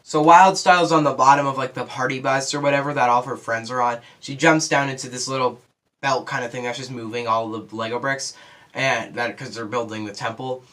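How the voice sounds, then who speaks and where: A teenage boy giving a casual spoiler review of a movie, rambling with lots of fillers and quick asides. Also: mid-range voice, steady tone, a bit bright. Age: teens.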